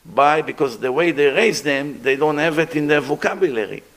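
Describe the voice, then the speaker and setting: Animated man lecturing. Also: a little high, normal speed. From Middle East. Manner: animated, demonstrates throat sounds, conversational asides. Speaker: rabbi giving a lecture. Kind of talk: religious lecture.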